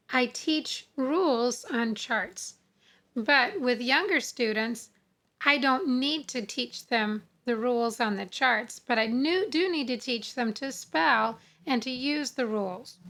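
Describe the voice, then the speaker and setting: A woman teaching English spelling, sounding out words slowly and repeating each rule. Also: high-pitched, a bit bright. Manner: slow, deliberate, sounding out words and repeating rules. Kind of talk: phonics lesson.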